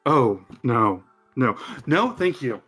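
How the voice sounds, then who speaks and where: A man's voice: mid-range voice, big pitch swings, slow pace, fairly bright tone, husky, faint music behind, full character voice. A man voicing a skittish squirrel shapeshifter. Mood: nervous. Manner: flustered, timid refusals.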